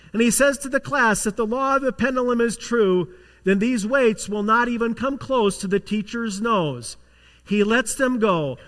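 A man's voice: very high voice, a bit bright. A man preaching a sermon as pastor, telling a story with rising intensity and acting out the voices of the people in it. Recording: long hall reverb.

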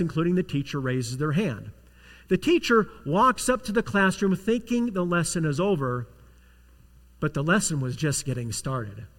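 A man's voice: high voice, a bit bright. A man preaching a sermon as pastor, telling a story with rising intensity and acting out the voices of the people in it. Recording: long hall reverb.

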